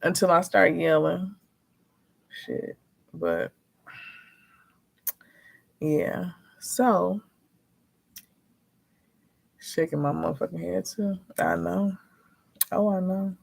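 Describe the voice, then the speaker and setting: A woman chatting casually as a vlogger, frank and animated, acting out quotes as she tells her story. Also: lowish voice, extremely slow, vocal fry, long pauses. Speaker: notary and vlogger.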